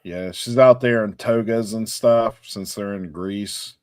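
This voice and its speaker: A man's voice: lowish voice, a little slow. A man from the co-hosting a comedy podcast in a laid-back, agreeable way. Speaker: podcast co-host. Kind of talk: casual comedy podcast banter.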